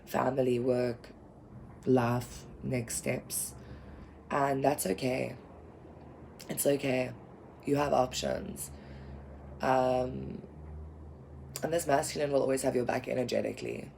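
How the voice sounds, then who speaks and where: Earnest woman with a gravelly fry. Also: a bass voice, fairly even intonation, slow pace, long pauses, a little mellow, slight background noise, rough recording. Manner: rambling, earnest, lots of fillers. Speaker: tarot reader. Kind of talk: spiritual tarot reading to camera.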